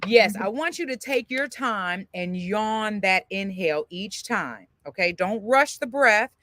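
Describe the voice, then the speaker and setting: A woman's voice: mid-range voice, expressive, unhurried, fairly bright tone. A woman voice teacher giving a live online singing lesson over a video call, demonstrating and encouraging her student with frequent laughs.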